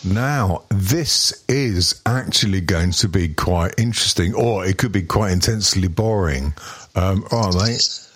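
A middle-aged man co-hosting a podcast speaks with a low voice at a measured pace. His casual chat is rambling, self-mocking, and freely profane.

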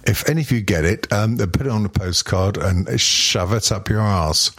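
A man's voice: fairly low pitch, moderate pace, a bit bright, breathy edge. A middle-aged man co-hosting a podcast, chatting in a rambling, self-mocking way, swearing freely. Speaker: podcast co-host. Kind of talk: casual profane chat.

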